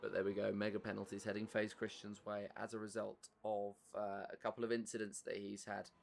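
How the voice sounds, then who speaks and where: An English man calls a sim racing event live, his voice sitting a little on the low side. He is chatty and breaks off from the race updates to answer his viewers, with a faint hum of noise behind him. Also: monotone, brisk, creaky. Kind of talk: live esports race commentary.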